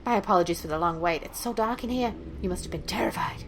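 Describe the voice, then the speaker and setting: A woman voicing a soft-spoken young male psycho who sounds falsely gentle, reading game dialogue. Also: mid-range voice, quick pace, heavy background noise, natural voice. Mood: creepy, gentle.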